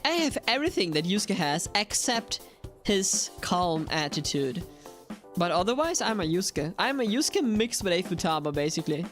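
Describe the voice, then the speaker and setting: A woman, a game streamer chatting playfully with viewers and repeating herself in excitement. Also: on the low side. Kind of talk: live-stream chat answering viewers.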